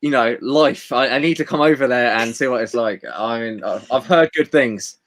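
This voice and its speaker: A man's voice: mid-range voice, moderate pace, fairly bright tone. A young man with a Portsmouth English accent, a guest on a casual live-stream chat, talking in loose, hesitant bursts. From England. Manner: hesitant, many fillers and restarts.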